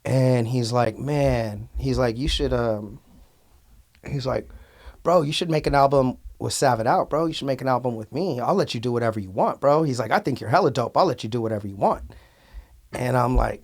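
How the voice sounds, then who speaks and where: A man's voice: medium pitch, moderate pace. A man with a Bay Area accent telling a story in a podcast interview, outspoken and blunt, swearing freely with many fillers. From Antioch, California. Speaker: rapper and podcast guest.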